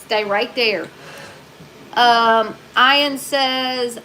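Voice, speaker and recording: A woman hosts a relaxed livestream, reading out viewer comments in a chatty, unhurried way. Her voice sits a little high and she drawls slowly. Faint ambient noise hums under her. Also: rough recording. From Southern United States. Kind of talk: casual livestream chat.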